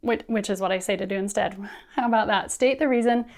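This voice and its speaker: A woman teacher trainer giving friendly, brisk instructional talk, often acting out what students and teachers say. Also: mid-range voice, a little mellow. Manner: friendly, brisk, acts out classroom quotes.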